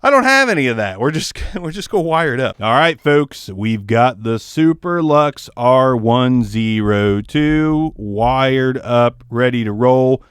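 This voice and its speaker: A man talks through a microphone test in a loose, rambling way, joking at his own expense. His voice is smooth and resonant, recorded close and dry, with his Southern US accent mostly held back. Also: medium pitch, expressive, measured pace, hardly any pauses, a bit bright, no room sound. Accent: tones down a Southern US accent. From American South. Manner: rambling, joking, self-deprecating. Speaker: microphone reviewer. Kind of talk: casual mic test review. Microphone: ribbon microphone, close and moved around.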